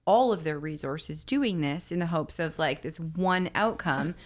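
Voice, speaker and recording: A woman's voice: low-pitched, measured pace. A woman co-hosting a podcast in casual chat, blunt and candid, swearing for emphasis. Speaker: podcast co-host.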